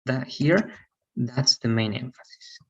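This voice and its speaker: Patient husky teacher. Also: male voice, medium pitch, slow pace, highs cut off. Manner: patient, repetitive explaining with frequent "all right?" checks. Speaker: English teacher. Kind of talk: online English grammar lesson.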